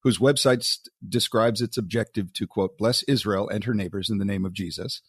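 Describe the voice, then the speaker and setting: A man with a lowish voice co-hosts a podcast, agreeable and often laughing. He reads quotes aloud with a sarcastic flourish, and the sound is dry and close. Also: fairly quick, husky, no room sound. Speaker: podcast co-host. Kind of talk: casual podcast discussion.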